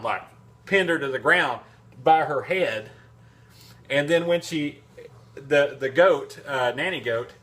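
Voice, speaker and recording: A man's voice: on the high side, fairly bright tone. A man telling a casual, rambling anecdote in a vlog, full of restarts and fillers. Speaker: vlogger. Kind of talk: casual storytelling.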